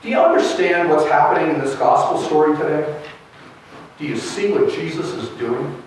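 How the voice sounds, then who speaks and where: A man's voice: on the high side, lively intonation, moderate pace, slight background noise. A man preaching a sermon as pastor, retelling a gospel story in a storytelling way. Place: church sanctuary. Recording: echoey church from a distance.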